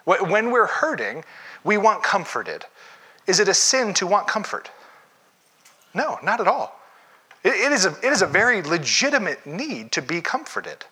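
A man delivering a sermon in a bright, forceful voice that sits a little higher than most men's. He keeps it conversational, asking the congregation rhetorical questions and often restarting his words mid-thought. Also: wildly swooping pitch, moderate pace, husky. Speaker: pastor.

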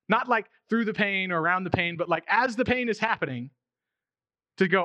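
A man with a bright, forceful voice preaches in a loose, conversational way. His pitch sits a little high for a man, and the sound is dry and close. He acts out the quotes he tells in their own voices. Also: a little fast, no echo, dull audio. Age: 30s to 40s. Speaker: pastor. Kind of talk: sermon.

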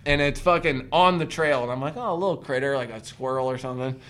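A man's voice: medium pitch, fast talker. A man hosting a podcast, telling a rambling camping story in casual, profane chat and acting out his own lines. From Missouri. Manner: profane, animated, acts out his own voice in quotes. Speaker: podcast host.

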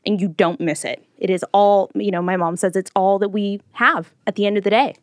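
A young adult woman hosting a casual chat, telling family stories in a lively way. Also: medium pitch, fairly quick, no room sound, clean studio sound. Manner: lively storyteller, does voices for quoted people.

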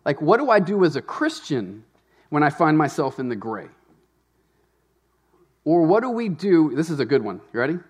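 A man with a slightly high voice preaching a sermon to his church. He talks in a loose, conversational way, full of asides and quick questions to the congregation. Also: big pitch swings, husky. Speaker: pastor.

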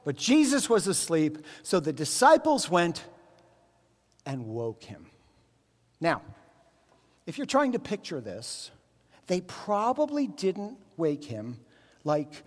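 A man preaching a sermon, voice pitched a little high, spinning stories with playful jokes. The sound rings out with a long reverb, as in a big hall. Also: slow pace, long pauses. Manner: lively storytelling with jokey asides. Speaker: pastor.

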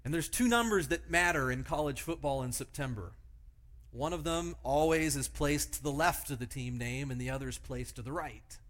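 A man delivering a sermon at a middle pitch, painting vivid pictures for his listeners. He tells illustrative stories and keeps asking rhetorical questions to draw them in. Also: normal speed, a bit bright. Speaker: preacher.

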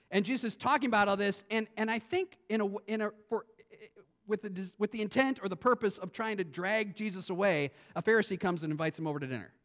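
A man preaching a sermon as a pastor, speaking emphatically with frequent restarts and reading scripture dramatically aloud. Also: on the high side.

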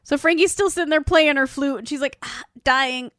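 A woman's voice: sits high, quick pace, dry recording, clean studio sound. A woman co-hosting a casual podcast, retelling a show scene by scene and acting out the characters' lines. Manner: animated, acts out characters' lines in quotes. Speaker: podcast co-host recapping a show. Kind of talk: casual chat.

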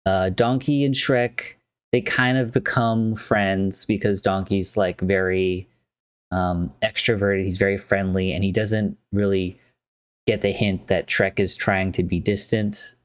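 A man's voice: deep voice, flat delivery, measured pace, clean tone, no room sound. A man casually retelling a film's plot, chatty and rambling, with many fillers.

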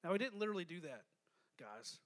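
A male pastor preaching a lively sermon, joking and calling on the congregation to respond. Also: high-pitched, normal speed.

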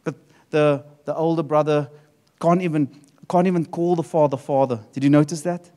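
A middle-aged male pastor delivering a sermon with a fairly high voice. He is animated and keeps circling back, repeating and restarting phrases as he builds his point. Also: moderate pace.

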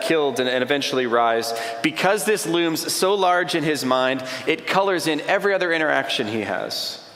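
A man's voice: fairly high pitch, fairly bright tone. A man preaching a sermon in a conversational way, building his points with repeated short phrases. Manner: conversational, plays out imagined dialogue. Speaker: pastor. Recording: long reverb of a large hall.

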